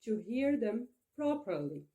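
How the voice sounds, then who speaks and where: A young woman with Arabic as her first language, teaching an English lesson slowly and deliberately, often checking in with "okay?". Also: a little high, big pitch swings, dark tone, lo-fi sound. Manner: slow, deliberate delivery with frequent "okay?" checks.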